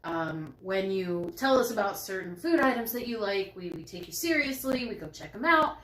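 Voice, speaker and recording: Co-hosting a live stream from her home, a woman chats casually and tells bubbly stories, voicing herself and others with big pitch jumps. Her delivery is animated, at normal speed and a bit bright. The sound is roomy.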